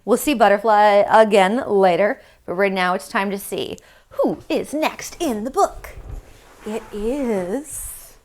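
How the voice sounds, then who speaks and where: Slow, sing-song woman teaching kids' yoga. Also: medium pitch. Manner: slow, sing-song and encouraging, talking to young children. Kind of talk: leading a kids' yoga class.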